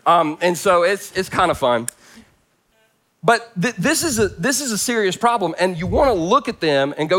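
A man preaching a sermon to his church congregation, conversational and joking, swinging from loud emphasis down to hushed, quiet lines. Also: high voice, big pitch swings, moderate pace. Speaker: pastor.

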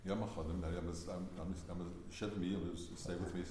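A low, mellow-voiced man cuts into a casual study discussion to object and add points, heard from off-mic in a roomy space with faint background noise. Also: little pitch movement, moderate pace. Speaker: participant in a religious study discussion.

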